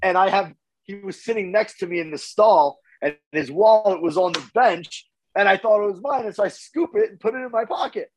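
A man telling a story casually as a podcast guest, animated, with his voice jumping up when he gets excited and swearing freely. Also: high-pitched, brisk, a little hiss or hum, low-quality recording.

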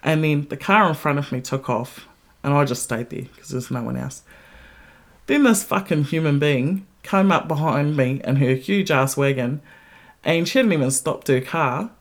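Gravelly, blunt, profane woman. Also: normal speed. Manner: blunt, heavily profane, candid; animated retelling with rising pitch. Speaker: podcast host. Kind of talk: casual storytelling monologue.

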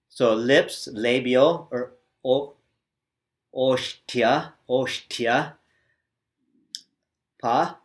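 A man teaching pronunciation in a spoken lesson, patiently demonstrating each sound and often checking in with the class. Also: mid-range voice. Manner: frequent "right?" check-ins. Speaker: language teacher.

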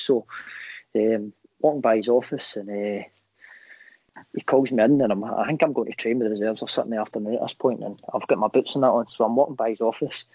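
A man's voice: lowish voice, fast talker, breathy edge, no echo. Young Scottish man, footballer guest, casual anecdotes with swearing, acts out quotes, dry dull-sounding recording. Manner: animated, swears freely, acts out quoted dialogue. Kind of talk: casual storytelling interview.

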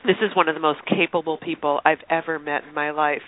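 A woman's voice: deep voice, fairly even intonation, fast. A woman guest telling personal stories in a candid, chatty way, acting out voices as she quotes people. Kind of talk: candid storytelling chat. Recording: dry tinny phone line.

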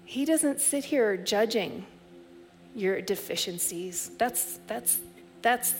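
A woman's voice: medium pitch, animated, slow, slight background noise. Reflective woman preaching a sermon. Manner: reflective, storytelling, many soft restarts. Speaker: pastor.

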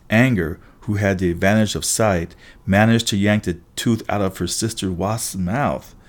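Low-voiced man reading a storybook aloud. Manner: lively, emphatic first-person telling. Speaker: audiobook narrator. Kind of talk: storybook narration.

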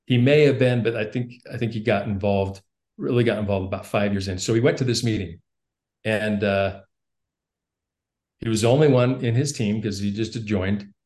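A man who is a podcast guest, telling a story in casual conversation. He is animated, laughs often and repeats words as he starts his sentences. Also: on the low side, moderate pace.

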